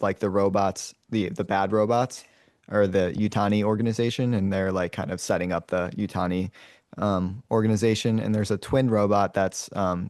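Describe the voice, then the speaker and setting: A man with a fairly low voice tells a movie's story in a loose, rambling way, stopping to act out lines and roars. He speaks in a small, dry room with no echo. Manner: rambling, many fillers and restarts. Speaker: podcast host retelling a movie. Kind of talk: casual storytelling to his brother.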